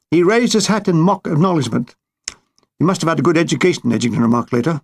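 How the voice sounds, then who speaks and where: Gravelly, deadpan male memoir narrator. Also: sits high, fast talker. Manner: dry, deadpan comic delivery. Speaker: author reading his own memoir.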